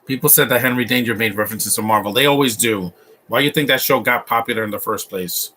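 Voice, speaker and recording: A man's voice: mid-range voice, fast talker, bright, forceful tone, slight background noise. A man giving a casual, opinionated live commentary over a movie, rambling with frequent restarts. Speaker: host.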